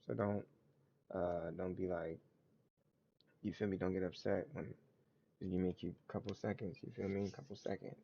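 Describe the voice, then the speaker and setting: Gravelly man ranting on a livestream. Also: sits low, little pitch movement, moderate pace, long pauses, warm tone, lo-fi sound, slight background noise. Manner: slangy, blunt, repetitive. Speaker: livestream host. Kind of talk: casual livestream commentary.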